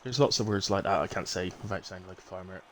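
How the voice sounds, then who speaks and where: A chatty man from Bristol, England, with a Bristolian accent, provides live, casual commentary for a sim racing league, rambling and filling gaps with asides. His voice is low and fast, over crowd noise on a low-quality recording.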